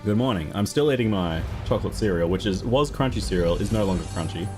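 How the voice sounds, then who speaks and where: A man chats on his live stream at a desk mic, his voice rising and falling in a lively sing-song way. He laughs easily and reads out thanks to his viewers one after another. Faint music plays under him. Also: lowish voice, quick pace. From Australia. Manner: chatty, laughs often, reads out thank-yous to chat. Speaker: game streamer. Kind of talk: casual live-stream chat.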